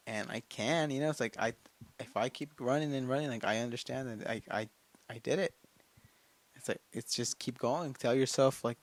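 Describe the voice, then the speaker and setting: A man's voice: medium pitch, fairly even intonation, normal speed, dry recording. A man of nineteen hosting his own podcast alone, giving himself and his listeners a fired-up motivational pep talk, swearing often and repeating phrases. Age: late teens. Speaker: podcast host. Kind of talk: casual solo motivational podcast monologue.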